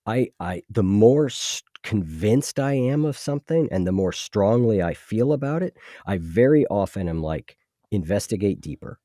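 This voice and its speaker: A man's voice: lowish voice, expressive, moderate pace, few pauses, warm tone, no room sound, studio quality. A man hosting a podcast interview, talking in a thoughtful, casual way with frequent restarts. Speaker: podcast host.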